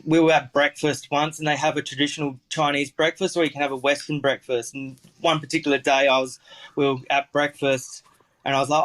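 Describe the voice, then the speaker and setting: A man's voice: a little high, level tone, a little fast, a bit bright. A man with an Australian accent, a chef telling stories in a casual interview, rambling with lots of fillers and restarts.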